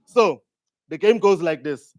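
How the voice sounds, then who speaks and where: A man leading an audience in a call-and-response sing-along game, loudly calling out lines for the crowd to repeat in a conference hall. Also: takes it slowly. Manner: loud, high-spirited, shouting lines for the crowd to repeat.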